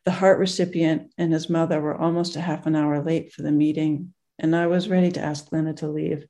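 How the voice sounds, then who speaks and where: A group teacher reading a moving story aloud in a gentle way, with pauses and restarts. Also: mid-range voice, flat delivery.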